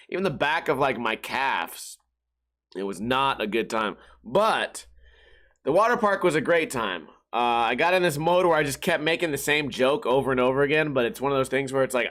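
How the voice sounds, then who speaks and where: In this casual storytelling monologue, a young podcast host swears freely and cracks himself up with his own jokes. His voice is fairly high-pitched and a bit bright.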